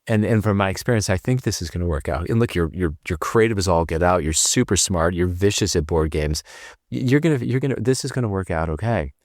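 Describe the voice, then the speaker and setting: A man's voice: low-pitched, dry recording, studio quality. A man, a podcast guest, telling a personal story in an earnest, teary way, often restarting his sentences. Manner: earnest, fast rambling with repeated restarts. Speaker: podcast guest, tutoring expert. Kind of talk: emotional conversational storytelling.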